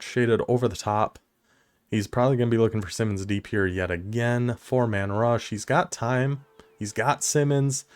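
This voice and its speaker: A man giving casual play-by-play commentary on a football video game, excitable and quick to laugh. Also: fairly low pitch, no room sound. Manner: excitable, laughs often, talks to the viewer. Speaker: commentator of an online video game dynasty league.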